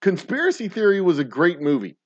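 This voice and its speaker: A man in his thirties hosting a casual show, ranting profanely, swinging from mumbled asides to loud outbursts. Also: high voice, sing-song, fairly quick, lo-fi sound. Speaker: podcast host.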